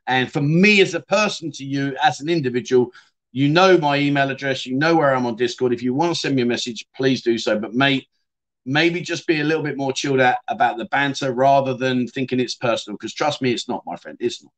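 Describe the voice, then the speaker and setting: Casual and a little fast at medium pitch, a middle-aged Yorkshire-accented Englishman hosts his livestream. He works through viewer comments out loud, calling people "mate" and "my friend," and his voice often trails away softly.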